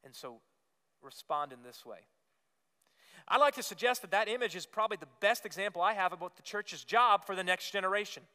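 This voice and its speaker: A man's voice: high voice, animated, fairly quick, sharp tone. Earnest male pastor preaching in a reverberant hall. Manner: earnest preaching with repetitions and emphatic rises. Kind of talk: sermon. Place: church sanctuary. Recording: long reverb of a church hall.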